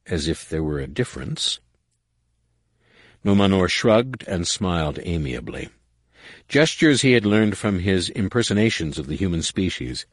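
A man reading scripted audiobook narration in a measured, even way. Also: deep voice, dry recording.

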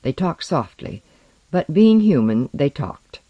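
An audiobook narrator giving a measured, lyrical reading of literary fiction. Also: mid-range voice, sing-song, no echo, highs cut off. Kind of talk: scripted narration.

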